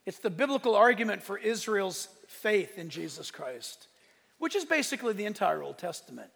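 A man's voice: high voice, big pitch swings, normal speed, creaky, a bit bright. A man preaching a sermon as pastor, impassioned, swelling and dropping in force. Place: church sanctuary. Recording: long reverb of a large hall.

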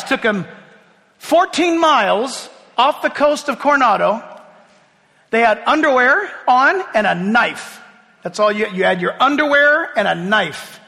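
A man preaching a sermon with animated delivery, swinging from hushed asides to loud exclamations. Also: extremely high pitch. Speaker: pastor. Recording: reverberant hall.

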